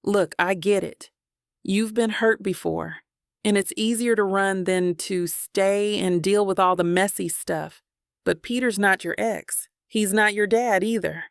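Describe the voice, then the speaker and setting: Read by a woman, this is a caring adult friend in an audiobook who presses her point in a firm, coaxing way. Her voice carries a gravelly texture in a dry, close recording. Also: mid-range voice, steady tone, measured pace, dry recording. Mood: pleading.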